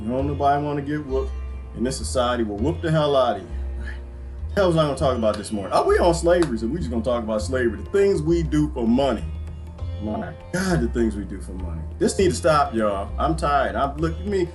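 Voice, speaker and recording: A man from the Washington DC area rambles through a morning monologue, talking straight to his viewers and laughing often. His voice sits at an ordinary middle pitch but leaps up and down as he flips between loud bursts and low asides. Soft music plays faintly in the background. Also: fairly quick. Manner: animated, swings from loud outbursts to low muttering. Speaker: livestream host.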